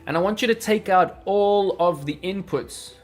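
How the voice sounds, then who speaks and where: Over soft background music, a man with a high-sitting voice runs a live crypto trading stream at normal speed. He's energetic as he goes through charts and answers his viewers.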